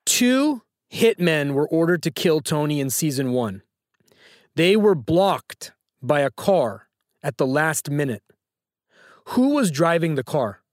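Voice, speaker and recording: A man's voice: a little high, big pitch swings, slow pace, no room sound, clean studio sound. A man hosting a phone-in trivia quiz, teasing and joking with callers. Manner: playful, teasing. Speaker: trivia show host.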